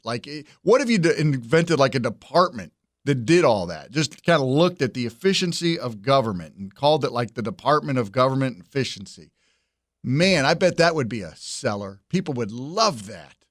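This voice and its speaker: A man's voice: medium pitch, no room sound, studio quality. A man hosting political commentary in a mocking, sarcastic, conversational way.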